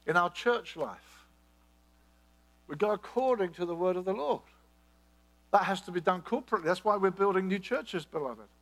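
Middle-aged man, preacher, forceful sermon, raised pitch; hammers points with rhetorical questions. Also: rough recording.

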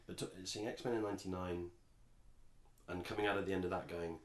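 A man's voice: low voice, fairly even intonation, a little fast, roomy sound. An English man co-hosting a podcast, chatting casually and rambling with frequent restarts. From England. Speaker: podcast co-host. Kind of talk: casual chat.

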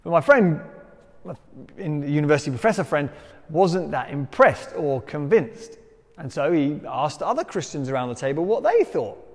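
A man's voice: on the high side, big pitch swings, moderate pace, in a large hall. A man delivering a conversational sermon, telling stories with self-deprecating humour. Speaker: preacher.

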